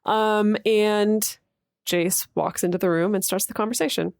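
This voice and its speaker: A woman's voice: medium pitch, steady tone, measured pace, vocal fry, a little mellow, clean tone, no room sound. A woman co-hosting a podcast in casual chat, playful as she sets up scenes. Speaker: podcast co-host.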